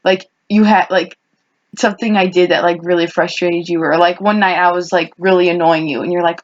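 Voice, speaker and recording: A woman's voice: on the low side, steady tone, brisk. A young woman co-hosting a podcast, chatting casually with her best friend in long, rambling stories full of fillers. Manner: rambling, filler-heavy storytelling. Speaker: podcast co-host. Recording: dull lo-fi podcast recording.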